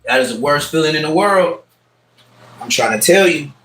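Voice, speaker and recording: A man casually telling stories on a livestream, slangy and streetwise, swinging between loud bursts and mumbled asides. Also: a little high, expressive, moderate pace, slight background noise, poor audio. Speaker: livestream host.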